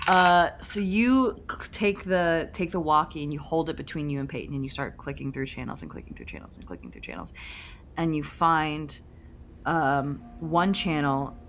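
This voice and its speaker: A woman's voice: deep voice, animated, moderate pace, fairly bright tone, a little hiss or hum. A woman narrating a tabletop game as game master in a hesitant way, full of fillers.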